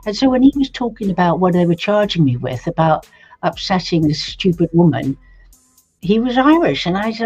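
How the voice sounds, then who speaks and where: A woman from England telling a story in a casual, animated way on a live stream, laughing at times. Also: lowish voice, moderate pace, husky, faint music behind. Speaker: co-host. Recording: dull lo-fi stream audio.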